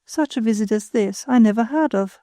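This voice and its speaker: A woman's voice: fairly high pitch, a little fast, dark tone, no echo, clean studio sound, natural voice. A woman reading the part of a pretentious, self-satisfied married woman who chatters condescendingly. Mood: patronizing.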